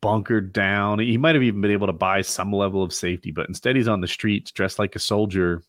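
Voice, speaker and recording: A man in casual podcast chat, explaining things in a steady way. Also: lowish voice, fairly quick, no room sound, clean studio sound.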